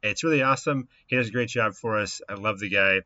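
A man's voice: lowish voice, quick pace, sharp tone, dry recording, muffled recording. A man co-hosting a podcast, chatting casually and rambling with lots of fillers. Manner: easygoing, rambling with frequent fillers. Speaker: podcast co-host.

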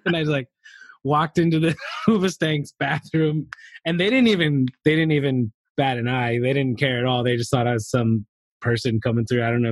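A man's voice: medium pitch, dry recording. A man telling a rambling story to a podcast host, laughing often and leaning on fillers. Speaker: podcast guest. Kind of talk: casual anecdote telling.

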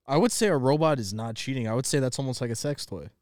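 A man's voice: mid-range voice, animated, fast, a little mellow, dry recording, studio quality. A man co-hosting a podcast in casual chat, laid-back and cracking crude jokes. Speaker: podcast co-host.

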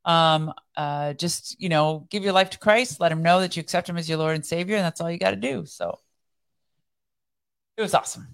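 A middle-aged woman with a lower voice talks casually on a podcast. She tells stories with lots of life and acts out what other people said. Her delivery is conversational and full of fillers. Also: a little fast, creaky. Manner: animated storyteller, acts out quoted voices with high excited pitch. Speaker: podcast co-host.

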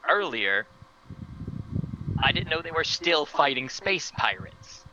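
A man playing his character in a tabletop game, talking hesitantly with stammers and sudden leaps in pitch. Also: sing-song, slow, lo-fi sound, background noise. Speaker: player.

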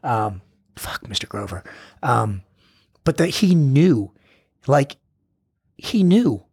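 A man's voice: mid-range voice, very animated, takes it slowly, a little mellow, slightly rough, no room sound. Intense, blunt male guest in mid range, swearing, frequent restarts, dry recording. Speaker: podcast guest, former Navy SEAL. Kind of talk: candid conversational interview.

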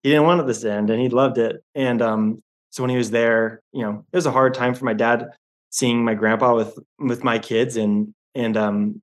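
A young man speaks as a podcast guest in a loose, conversational way. He rambles, pauses and restarts often, and his voice sits at a middle pitch. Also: steady tone. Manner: rambling, halting, with many fillers and restarts. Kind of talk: casual interview chat.

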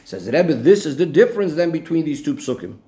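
Guy with a high voice teaching torah, slow methodical explaining, keeps rephrasing stuff. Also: very animated, warm tone. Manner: methodical, restating points step by step.

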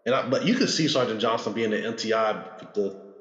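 A man's voice: lowish voice, brisk, a bit bright. A young man co-hosting a casual chat, making laid-back, slangy remarks. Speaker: podcast co-host. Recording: roomy, reverberant, dull sound.

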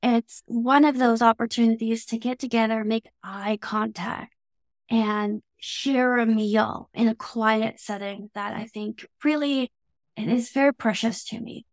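A Canadian woman with a Canadian English accent, a guest in an interview, talking in a thoughtful, measured way. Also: on the high side, fairly even intonation, no room sound, clean studio sound. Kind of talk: reflective conversational interview.

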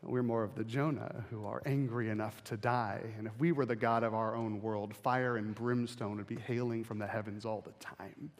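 A man preaching a sermon as pastor, talking in a conversational, animated way and acting out little quotes. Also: on the low side, normal speed, few pauses, long reverb tail.

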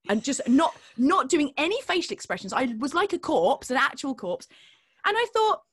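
Lively woman telling stories. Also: high-pitched, moderate pace. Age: 30s. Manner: expressive storyteller, acts out quoted voices, laughs often. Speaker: podcast guest, singer and performer. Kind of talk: animated anecdotal chat.

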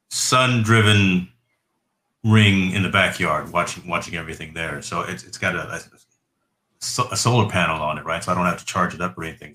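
A man's voice: low-pitched, sharp tone, echoey room. A man hosting a podcast in casual tech chat, talkative and often checking in with his listeners. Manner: chatty, tags lines with "right?". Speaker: podcast host.

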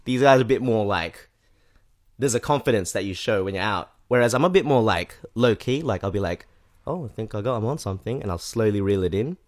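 A man's voice: lowish voice, expressive, fairly quick. A man chatting casually as a podcast guest, rambling and correcting himself with lots of fillers. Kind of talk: casual chat.

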